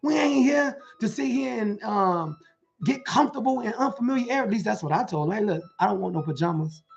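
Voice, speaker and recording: Gravelly guy preaching motivation, rhymey rhythm, keeps checking in with folks, muffled lo-fi audio w faint music. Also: high-pitched, animated, brisk. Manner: rhythmic, rhyming phrases with frequent calls to listeners. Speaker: motivational preacher and life coach. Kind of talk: motivational preaching to an online audience.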